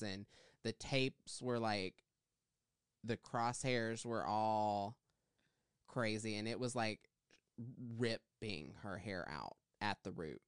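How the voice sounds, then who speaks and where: A man's voice: lowish voice, a bit bright, clean tone, dry recording, clean studio sound. A man co-hosting a podcast, casually telling a long salon story with lots of fillers. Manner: chatty, rambling with fillers. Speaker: podcast co-host, hairstylist.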